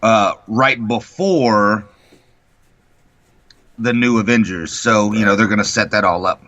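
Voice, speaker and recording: Bright, swearing man retelling a movie. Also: lowish voice, a little slow, no echo. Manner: animated storytelling, heavy swearing. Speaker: co-host. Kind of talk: profane casual chat. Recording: dull lo-fi sound.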